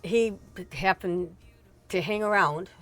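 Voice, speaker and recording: A woman's voice: lowish voice, takes it slowly, fairly bright tone. An older woman, a mother, telling family stories in a chatty, rambling way with frequent laughs and asides. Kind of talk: casual storytelling chat.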